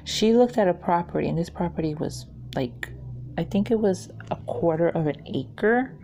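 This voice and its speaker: A woman's voice: lowish voice, animated, moderate pace, dark tone, a little hiss or hum. A woman, hosting a craft channel and telling rambling stories in a casual chat while she works, laughing often. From New York.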